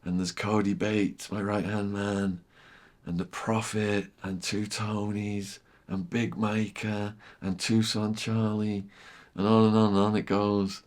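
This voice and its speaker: A middle-aged man telling a vivid story as a podcast guest, repeating phrases and sinking to a hushed near-whisper at tense moments. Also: lowish voice, level tone, slow pace. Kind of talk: storytelling in casual chat.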